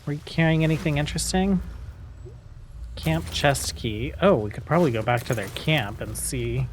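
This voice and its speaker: A man hosting a casual let's-play, musing aloud as he plays, with a relaxed tone. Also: a little high, normal speed, a little hiss or hum. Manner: relaxed, musing, with many fillers. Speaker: gameplay host.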